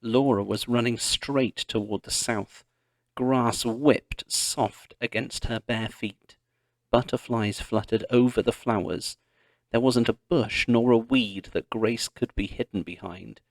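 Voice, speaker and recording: Slow, gravelly male storybook narrator. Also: mid-range voice, steady tone, no echo, studio quality. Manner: slow, deliberate reading. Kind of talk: read-along narration for children.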